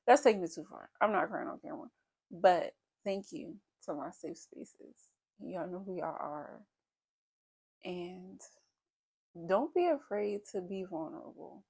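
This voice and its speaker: Candid woman vlogger with a gravelly voice. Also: on the low side, animated, measured pace, a little mellow. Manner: candid, blunt, talks straight to viewers. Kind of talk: casual confessional vlog talk.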